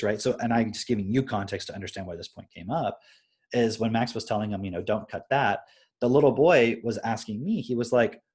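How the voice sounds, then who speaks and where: A young adult man with a slightly husky voice talks casually on a live stream. He explains things through everyday stories, often pausing to ask "right?". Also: medium pitch. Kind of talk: casual parenting talk.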